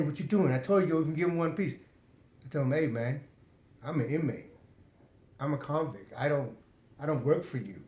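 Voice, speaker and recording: A man in a middle-pitched voice tells a story casually, in streetwise, profane talk. He acts out the back-and-forth of quoted exchanges with his voice raised. The recording has a noticeable room echo. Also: a little mellow. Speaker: storyteller recounting prison life. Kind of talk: casual first-person storytelling. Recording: roomy echo.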